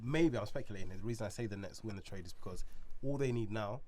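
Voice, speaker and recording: A man co-hosting a casual basketball podcast, rushing his points with stumbling restarts. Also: lowish voice, darkish tone. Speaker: podcast co-host. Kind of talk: casual chat.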